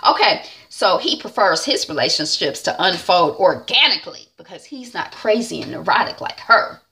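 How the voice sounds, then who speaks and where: A woman's voice: lowish voice, big pitch swings, moderate pace, bright, forceful tone, slight background noise. A woman giving a casual, chatty TV episode recap in loose, slangy talk with plenty of "um"s and "like"s. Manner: chatty, retells scenes by acting out the characters' lines. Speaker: TV recap vlogger.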